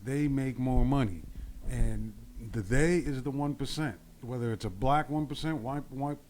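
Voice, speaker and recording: A man's voice: medium pitch, normal speed, a little mellow. A man talks his mind in a loose chat with friends, circling back with "you know what I mean" and restarting his words. His voice sits mid-range, with a faint noise under the recording. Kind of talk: casual chat, opinionated.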